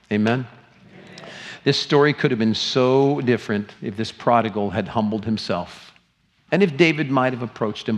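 A middle-aged male pastor preaching to his congregation at a medium pitch. He speaks earnestly, rising into emphatic appeals and questions to the room. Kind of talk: sermon.

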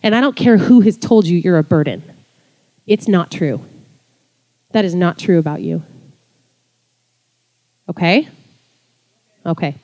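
A woman in her forties, a worship leader, telling a lively story in a sermon, her voice jumping high when excited. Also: unhurried, pauses often. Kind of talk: sermon testimony.

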